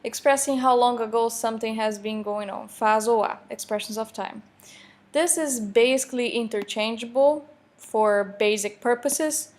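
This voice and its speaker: A Brazilian woman with a rather high voice teaches Portuguese grammar in a recorded online lecture. She adds joking asides and reads her examples out slowly.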